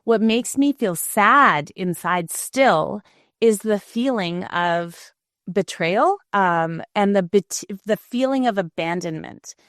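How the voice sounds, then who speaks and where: A woman's voice: mid-range voice, expressive, slow pace, a bit bright, no room sound, studio quality. A middle-aged woman, a former news anchor, talking frankly and reflectively as an interview guest, often restarting her sentences. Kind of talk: candid interview conversation.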